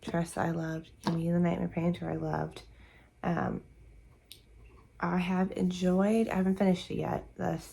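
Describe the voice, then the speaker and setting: Sleepy woman with a creaky voice. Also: on the low side, flat delivery, measured pace, dark tone, rough recording. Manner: rambling, searching for words with many fillers. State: sleepy and tired, yawning. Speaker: book vlogger. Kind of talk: casual morning chat to camera. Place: at home in the morning.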